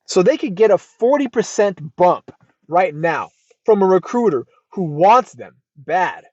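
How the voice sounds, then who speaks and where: An American man hosting a casual advice podcast, reacting to a post in an emphatic, lively way and swearing freely. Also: high-pitched, unhurried, no echo. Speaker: podcast host. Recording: dull lo-fi dry sound.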